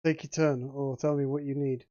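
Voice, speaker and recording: A man running a tabletop game as game master in an easygoing, slightly halting way. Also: medium pitch, level tone, mellow, dull audio.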